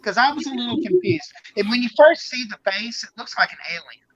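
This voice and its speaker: A man's voice: very high voice, sing-song, brisk, a crowd in the background. A man hosting a casual video call interview, curious and asking questions, talking into his phone. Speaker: host. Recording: dull lo-fi phone audio.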